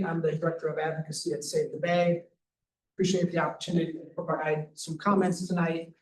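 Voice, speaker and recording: A man, an advocacy director, giving measured public comment at a council meeting and carefully reading statute text aloud. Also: a little high, steady tone. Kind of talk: formal public testimony. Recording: echoey, distant hall audio with faint noise.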